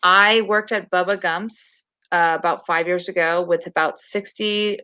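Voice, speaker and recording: Bubbly, bright-voiced woman gushing. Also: lowish voice, fairly even intonation, unhurried, clear, resonant tone. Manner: bubbly, gushing, trails off with many "like"s. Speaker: guest on a livestream after-party show. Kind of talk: casual chat.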